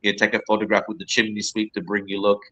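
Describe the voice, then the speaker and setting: A man's voice: lowish voice, completely flat delivery, quick pace, sharp tone, rough recording. A man from northern England, a poet and guest, chatting casually and rambling a little in an interview over a video call. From northern England, near the Scottish border. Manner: chatty, rambling, repeats words for stress.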